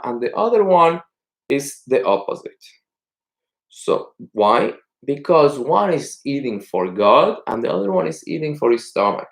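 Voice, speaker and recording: A male rabbi teaching a text-study class, explaining passages and telling stories in an animated way. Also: mid-range voice, creaky. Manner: animated storytelling, acts out characters.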